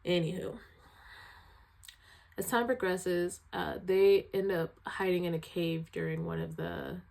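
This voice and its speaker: A woman giving a casual video review of a film. She retells scenes in an animated, emotional way, sighing often. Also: fairly low pitch, measured pace, gravelly.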